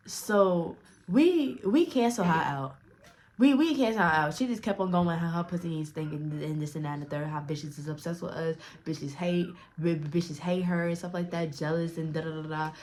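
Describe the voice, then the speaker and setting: A young woman vlogger telling a casual story time, profane and animated, often repeating herself. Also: lowish voice, moderate pace.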